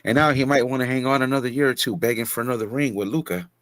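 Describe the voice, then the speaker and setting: A man's voice: mid-range voice, fairly even intonation, rapid-fire, a crowd in the background. A man in a casual podcast chat, laid-back, calling people bro and dude. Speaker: podcast co-host.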